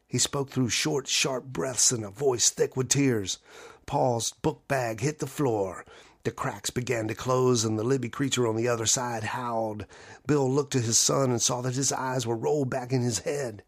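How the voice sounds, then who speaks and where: A man narrating a horror story in a measured, low-key way. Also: husky.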